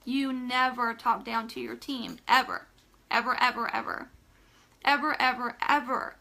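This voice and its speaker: A woman's voice: fairly high pitch, steady tone, measured pace, creaky, pushed and bright. A woman giving a live motivational talk to team leaders, emphatic and direct, repeating phrases for stress and asking viewers to comment. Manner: addresses listeners directly, asks for comments.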